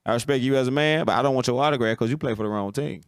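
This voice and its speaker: A man's voice: mid-range voice, racing, smooth. A man hosts a casual football talk stream, blunt and opinionated. His voice sits mid-range. The recording is dry, with no room echo. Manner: blunt, opinionated, keeps asking "you understand?". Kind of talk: casual sports commentary.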